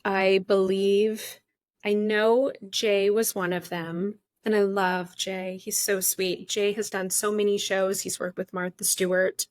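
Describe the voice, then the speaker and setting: A woman's voice: mid-range voice, no room sound, studio quality. Chatty woman spilling podcast gossip. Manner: chatty, candid, gossipy, jumps around. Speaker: podcast host. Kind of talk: casual storytelling.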